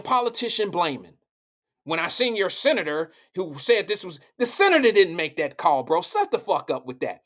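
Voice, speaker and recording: Blunt, profane man with a high voice. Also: a bit bright. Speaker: live show host. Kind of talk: political commentary.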